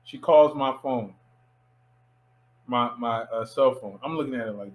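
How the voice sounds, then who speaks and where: This is an unhurried, medium-pitched male voice with a bit of background noise. The speaker, a young Miami filmmaker from the United States, tells a story as an interview guest, animatedly performing the quotes of the characters involved.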